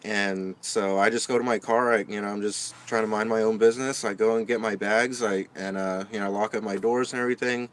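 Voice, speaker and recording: A man's voice: lowish voice, steady tone, fairly quick, hardly any pauses, fairly bright tone. A man venting in a rambling storytime vlog, stammering and swearing, upset and shaken. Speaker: vlogger.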